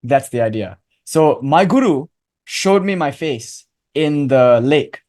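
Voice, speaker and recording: A man's voice: fairly high pitch, slow pace. Earnest, emphatic man telling a parable. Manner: earnest, animated storyteller; convinced, emphatic. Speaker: guest philosopher. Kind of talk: storytelling interview talk.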